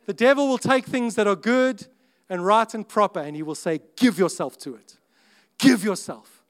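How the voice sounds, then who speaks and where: Male pastor, high-ish voice, sermon delivery that is chatty and earnest, with restarts and bursts of volume. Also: a bit bright. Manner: earnest, conversational, with self-interrupting restarts and sudden rises in volume.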